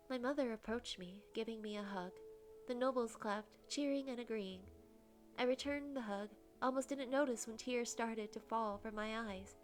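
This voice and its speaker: A young woman with a soft, breathy voice reading a visual novel aloud in first person as a game streamer. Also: fairly high pitch, normal speed, soft background music.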